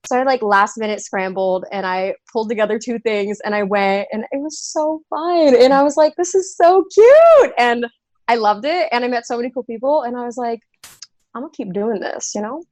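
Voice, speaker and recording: A woman's voice: fairly high pitch, brisk, no room sound. A young woman with a Southern US accent, a podcast guest telling stories in a bubbly, giggly way. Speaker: guest cosplayer. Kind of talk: casual chat.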